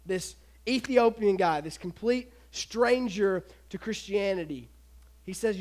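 A man giving a casual, animated youth sermon, retelling a story and acting out the voices of the people in it. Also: high-pitched, a little slow. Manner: animated, acts out voices, laughs often.

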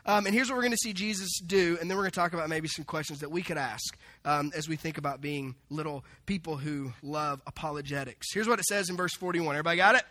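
Male pastor, high bright voice, lively storytelling sermon with playful acted-out quotes. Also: fast talker, few pauses. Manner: animated, acts out quoted voices with humor.

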